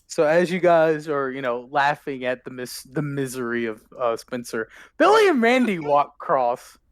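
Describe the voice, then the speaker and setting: A man running a tabletop role-playing game as game master, narrating scenes with frequent laughs and quick character lines. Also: on the high side, sing-song, no echo, studio quality.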